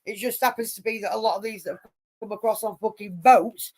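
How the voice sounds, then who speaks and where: A woman's voice: medium pitch, fairly even intonation, a little fast, darkish tone. A woman hosting a live stream, telling rambling stories full of swearing and acted-out quotes. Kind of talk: casual profane storytelling chat.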